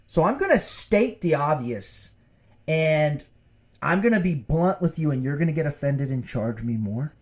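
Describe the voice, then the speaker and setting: A man's voice: fairly high pitch, lively intonation, a little slow. A man in his thirties telling a personal story as a vlogger, casual, slangy and exasperated.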